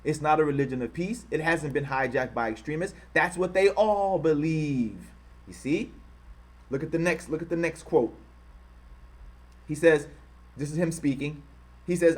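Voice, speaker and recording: A man's voice: on the high side, normal speed, long pauses, a little mellow. A man hosting his channel who reads out quotes in heated commentary, angrily insulting his target and repeating himself for emphasis. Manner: says he is trying to control his harsh speech. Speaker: channel host.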